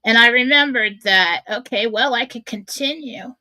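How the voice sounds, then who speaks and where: Bright, candid woman storyteller. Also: fairly high pitch, moderate pace, dry recording. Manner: candid, self-mocking, acts out her own thoughts. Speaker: radio show host. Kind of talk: personal storytelling monologue.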